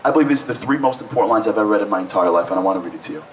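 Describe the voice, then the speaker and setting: A man's voice: on the low side, expressive, very fast. A man giving a passionate motivational talk at a breakfast event, building to emphatic peaks and acting out little dialogues. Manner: passionate, rising and falling with emphasis, acts out dialogue. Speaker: inspirational speaker. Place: event hall. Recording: distant mic with faint noise.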